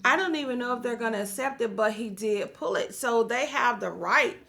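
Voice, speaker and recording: A woman's voice: a little high, normal speed, gravelly, bright, forceful tone. A woman hosting a business and real estate show, talking casually and encouragingly to viewers with lots of fillers. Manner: chatty and encouraging, many fillers, addresses viewers as guys. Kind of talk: casual talk to the camera.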